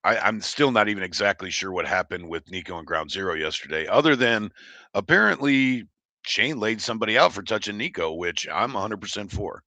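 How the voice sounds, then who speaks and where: A man with a low voice and a bright, forceful edge hosts a livestream in casual chat. He rambles and answers his chat, speaking bluntly and swearing freely. His voice sounds close and dry. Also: lively intonation, a little fast, dry recording. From Oregon. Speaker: livestream host.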